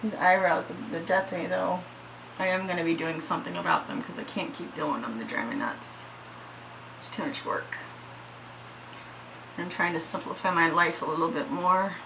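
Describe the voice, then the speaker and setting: A woman's voice: lowish voice, moderate pace, vocal fry, long pauses, noisy background. Chatty woman doing her makeup. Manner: chatty, swears freely, yells at her dogs. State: shaky and anxious. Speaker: beauty vlogger. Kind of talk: casual makeup tutorial chat. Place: home.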